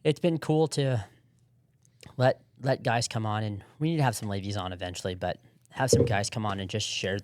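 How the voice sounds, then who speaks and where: A young man co-hosting a podcast, telling stories in a relaxed, rambling way. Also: on the low side, normal speed, noisy background. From Southern California. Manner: relaxed, rambling storytelling with laughs. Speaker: podcast co-host. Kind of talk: casual chat.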